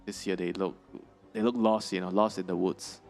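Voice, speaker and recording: A man working as an esports analyst on a broadcast desk, talking in a measured way and thinking aloud with fillers. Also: low-pitched, level tone, vocal fry, a little mellow, soft background music.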